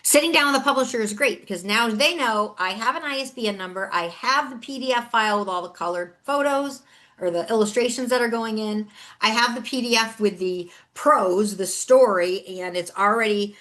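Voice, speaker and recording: A middle-aged woman, a podcast host and author, telling a story in a chatty, animated way and acting out the other people's lines. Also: a little high, a little fast. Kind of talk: solo storytelling chat.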